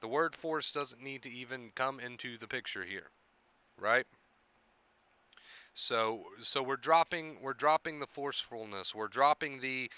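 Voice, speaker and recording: A man's voice: mid-range voice, measured pace, pushed and bright, smooth, no room sound, lo-fi sound. A man coaching on anxiety during a live stream, speaking in an earnest, repetitive, reassuring way.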